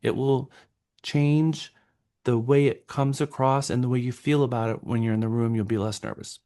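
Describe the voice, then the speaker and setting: A man's voice: medium pitch, fairly even intonation, moderate pace, warm tone. A man with a Texan accent teaching a real estate training class, coaching and encouraging his students.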